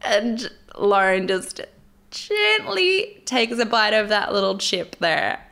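A woman's voice: mid-range voice, expressive, takes it slowly, gravelly, pushed and bright. Wry, chatty woman podcaster. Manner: candid, wry and chatty, with frequent laughs. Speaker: podcast host. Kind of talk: solo casual recap commentary. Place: at home alone with her cats.

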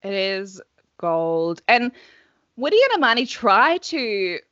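A woman's voice: medium pitch, takes it slowly, no room sound, lo-fi sound. A woman co-hosting a casual reality TV recap podcast, laughing a lot, swearing freely and acting out quotes from the show. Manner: swears freely, laughs often, animated quoting. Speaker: podcast co-host.

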